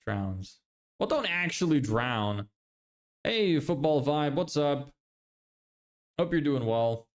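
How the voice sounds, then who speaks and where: His voice runs on the high side, animated yet slow, with lots of pauses. The young Irish livestreamer, who owns an agency, casually reads viewer messages, laughing and cursing frequently.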